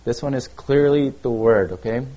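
A man preaching a sermon in a relaxed, conversational way, often checking in with "okay?" and using "like". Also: medium pitch, moderate pace, muffled recording. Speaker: pastor.

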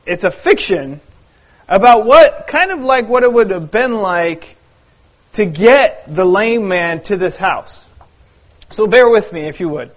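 Preacher guy, high voice, earnest and chatty, hushed when he prays. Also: expressive, unhurried. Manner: hushed and soft-spoken in prayer; earnest, conversational storyteller. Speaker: pastor. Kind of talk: sermon with prayer and story reading.

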